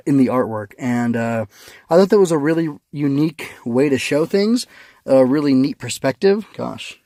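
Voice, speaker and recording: A man's voice: mid-range voice, a little mellow, no echo, clean studio sound. Rambling man reviewing a comic. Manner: rambling, many fillers and restarts. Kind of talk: casual spoken review. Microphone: phone.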